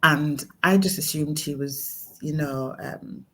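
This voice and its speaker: A middle-aged woman telling a personal story in conversation, halting, with many fillers and restarts. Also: sits low, pushed and bright. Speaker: guest, mother of a son with mental illness.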